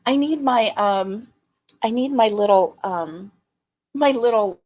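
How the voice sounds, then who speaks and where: A middle-aged woman hosting a casual live stream, greeting viewers by name, chatty and quick to laugh, her throat a little strained. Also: on the high side, expressive, a little mellow. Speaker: livestream host.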